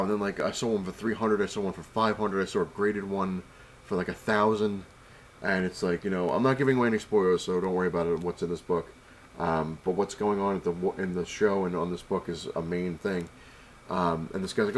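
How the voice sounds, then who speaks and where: A man's voice: sits low, a little fast, a little hiss or hum. A man casually telling a long story to camera, rambling and retelling conversations with lots of "I was like", sounding annoyed as he complains. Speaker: vlogger.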